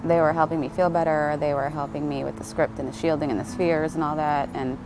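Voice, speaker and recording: A woman's voice: deep voice, little pitch movement, fairly quick, over music. A woman telling a personal spiritual story in a rambling, casual way, swearing often and asking "right?". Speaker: spiritual vlogger.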